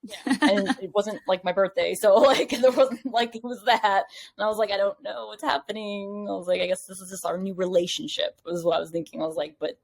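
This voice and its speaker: A woman as a podcast guest, telling a story in casual chat, rambling and animated, full of "like" and acted-out quotes. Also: mid-range voice, fairly quick, gravelly, hardly any pauses.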